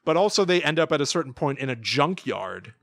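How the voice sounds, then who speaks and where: Man, thirties, podcast co-host, casual chat, animated storytelling, dry close sound. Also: a little high, a little fast, no echo. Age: 30s. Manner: animated storytelling, acting out lines with laughs.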